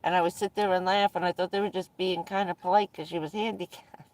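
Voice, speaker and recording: A woman's voice: on the low side, fairly even intonation, fast talker, darkish tone, distant mic. A woman vlogger casually telling rambling personal stories to her viewers, often breaking into laughter mid-sentence.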